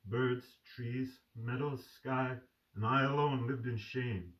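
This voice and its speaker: A man's voice: medium pitch, steady tone, takes it slowly, a bit bright. A man reading aloud and voicing a tender, fervent young man who is dying, speaking in a pleading way. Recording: distant mic.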